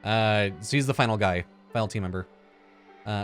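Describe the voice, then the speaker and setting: A man's voice: on the low side, moderate pace, faint music behind. A man giving casual gameplay commentary, thinking aloud, joking and swearing as he plays. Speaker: let's play gamer.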